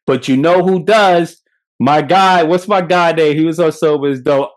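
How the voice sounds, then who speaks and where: A middle-aged man with a New York accent, hosting a podcast and telling blunt, profane, animated stories of his own recovery. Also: a little high, a little slow. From Brooklyn, New York. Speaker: podcast host. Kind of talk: candid motivational talk.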